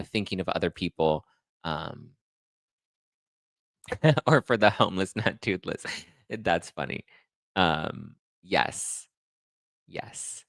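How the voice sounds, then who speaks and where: A man hosting his own podcast, talking in a halting, emotional way with many fillers and pauses. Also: low-pitched, a bit bright, dry recording. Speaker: podcast host. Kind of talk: emotional casual monologue.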